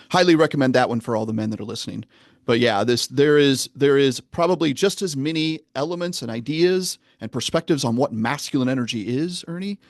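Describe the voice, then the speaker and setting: A man with a middle-pitched voice talks like a coach laying out a lesson, measured and earnest, slowing down to press his points. The recording is close and dry, with no room sound around him. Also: dry recording. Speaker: men's coach and guest. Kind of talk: podcast interview, teaching.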